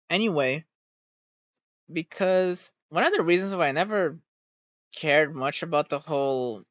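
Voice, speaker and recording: A VTuber streamer chatting casually in a rambling way, swearing freely and getting irritated quickly. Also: mid-range voice, a bit bright, no room sound. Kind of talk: casual stream reaction chat. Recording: dull, dry home recording.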